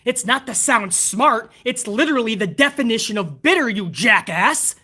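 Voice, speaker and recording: A man's voice: very high voice, animated, moderate pace, bright, forceful tone. A man from the United States hosts a casual wrestling livestream, talking in a loose, rambling way. He swears freely and works himself up into heated rants between reading donations. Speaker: wrestling podcast host.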